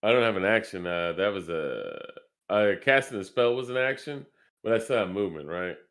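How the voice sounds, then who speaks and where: A man's voice: on the low side, expressive, moderate pace, a bit bright. An easygoing man playing a tabletop game, laughing often. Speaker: player. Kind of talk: casual tabletop game chat.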